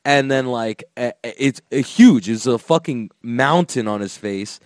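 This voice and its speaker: A man hosting a podcast, telling a story in an animated, swearing, laughing way. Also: mid-range voice, unhurried, no room sound, studio quality. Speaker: podcast host. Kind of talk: casual storytelling chat.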